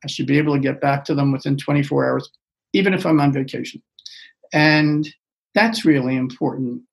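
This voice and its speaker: A man's voice: mid-range voice, fairly even intonation, fairly quick, gravelly, poor audio. An older man, a physician, answering interview questions in an earnest, reflective way, often restarting his phrases. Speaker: physician guest. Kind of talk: interview conversation.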